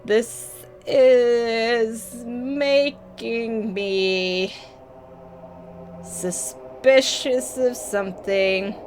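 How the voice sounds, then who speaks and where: High-voiced woman doing game commentary. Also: steady tone, drawn-out words, faint music behind. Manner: emotional, reacts loudly and swears. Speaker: let's play host. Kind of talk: casual gameplay commentary.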